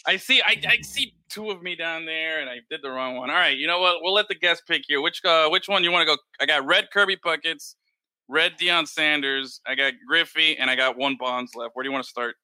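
A man's voice: on the high side, a little fast, sharp tone, no room sound. A man hosting a casual chat over a video call, laid-back, swearing casually and laughing often. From Miami. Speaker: host.

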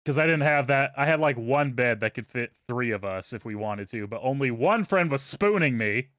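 Male podcast host, casual storyteller, easygoing and sweary, mid pitch, close dry mic. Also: lively intonation, normal speed, dry recording. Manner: laid-back, profane, trails off into quiet asides.

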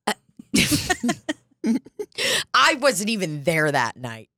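Giggly, bright-voiced woman podcast host. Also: lowish voice, wildly swooping pitch, very slow. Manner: giggly, swears freely, breaks into silly voices. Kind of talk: casual comedic chat.

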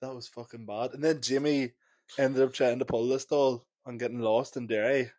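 A man's voice: medium pitch, steady tone, moderate pace, a little mellow, dry recording. A young man, recalling a night out in a rambling, filler-heavy casual chat. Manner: rambling recollection, many fillers. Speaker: podcast co-host.

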